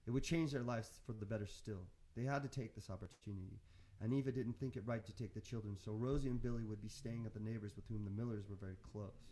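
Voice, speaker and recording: A man on a radio show reading the end of a story in a slow, reflective, spiritual tone. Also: lowish voice, fairly even intonation, dark tone. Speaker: radio host finishing the story. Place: radio studio.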